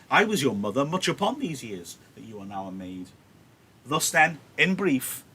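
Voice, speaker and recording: A stern, insistent noble mother pressing her daughter, read out by a male teacher. Her delivery is declaiming and lively in pitch, only slightly raised above his own voice. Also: slightly rough.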